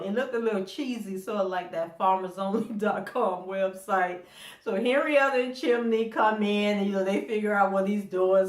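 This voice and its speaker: A woman's voice: mid-range voice, roomy sound. A middle-aged woman hosting a casual TV episode recap. She is chatty, laughs often, and acts out quotes from the characters. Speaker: TV recap host.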